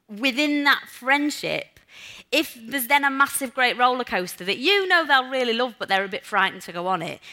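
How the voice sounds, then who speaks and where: Bright woman preaching casually. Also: fairly high pitch. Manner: conversational, with rhetorical questions. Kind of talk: sermon.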